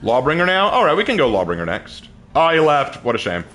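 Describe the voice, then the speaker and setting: Man, game streamer, casual rambling commentary, lively swooping pitch, somewhat high voice. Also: brisk. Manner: chatty, rambling, laughs often, talks to chat.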